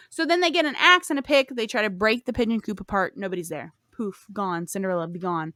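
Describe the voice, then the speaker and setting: Woman host, chatty retelling full of swearing and asides, a little high, dry close sound. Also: fast talker, hardly any pauses, a bit bright, no echo. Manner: casual, profane, rambling with fillers. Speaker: podcast host. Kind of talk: casual storytelling.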